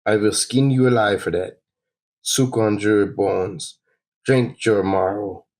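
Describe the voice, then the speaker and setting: A man's voice: on the low side, fairly even intonation, darkish tone, poor audio. A man doing a grim menacing warrior. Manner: slow, threatening.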